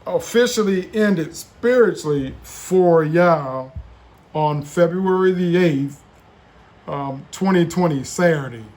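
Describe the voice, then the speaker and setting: Slow, solemn preaching man. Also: on the high side, darkish tone. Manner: slow and solemn when quoting revelations, with many restarts. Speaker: apostle. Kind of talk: preaching testimony and prophecy.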